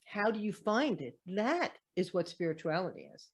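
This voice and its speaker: Middle-aged woman medium giving an earnest spiritual talk; mid-pitched, asks question after question. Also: sing-song, moderate pace, breathy edge. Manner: earnest, repeats rhetorical questions. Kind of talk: motivational spiritual talk to camera.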